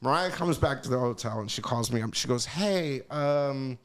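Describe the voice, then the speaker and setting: A man's voice: medium pitch, fast talker, a bit bright. A man, a music executive, telling stories as a podcast guest in a loose, profane way, often asking "you know what I mean". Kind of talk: casual storytelling in a podcast interview.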